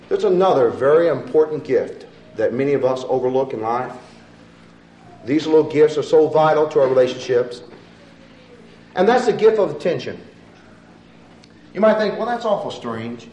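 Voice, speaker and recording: A man's voice: animated, normal speed, pauses often, lo-fi sound, slight background noise. Dynamic preacher man, echoey room. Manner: swings between loud emphatic rises and quiet low asides. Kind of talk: sermon. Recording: echoey room with faint ambience.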